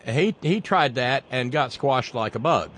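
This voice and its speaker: A male host in casual conversation who throws in quick, joking asides. His intonation swings widely as he talks. There is a faint hiss underneath. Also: mid-range voice, animated, fairly bright tone. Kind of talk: casual chat.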